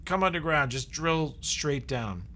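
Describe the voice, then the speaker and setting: A man voicing a big, lumbering male leader of scrap witches who talks in loud, brash shouts. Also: on the high side, expressive, measured pace, a little hiss or hum, pitched above the performer's own voice.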